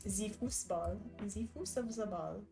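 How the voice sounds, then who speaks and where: A woman streaming live, chatting loosely and giggling between remarks as she answers her viewers. Her voice sits at an ordinary middle pitch for a woman. Soft music plays quietly behind her. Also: measured pace. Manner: giggly, chatty, reads chat aloud. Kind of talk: casual live-stream chat.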